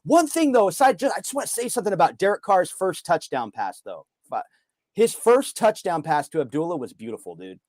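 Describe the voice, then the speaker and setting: A man's voice: high voice, big pitch swings, a little fast, darkish tone, no room sound. A man co-hosting a casual sports talk show, rambling with lots of fillers. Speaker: co-host. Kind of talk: casual sports podcast chat.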